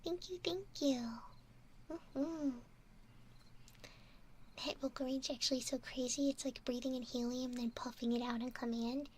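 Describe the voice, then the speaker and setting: A woman whispers in a gentle role-play, chatty and prone to giggles. Her breathy voice sits high. A faint hiss runs under the sound. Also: steady tone, measured pace, pauses often. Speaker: ASMR streamer.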